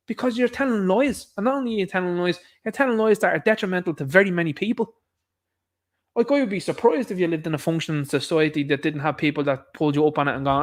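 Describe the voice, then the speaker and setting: A man hosts his own online show with a rant of political commentary. His voice sits fairly high for a man. He talks straight to the viewer, indignant and repetitive. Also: quick pace.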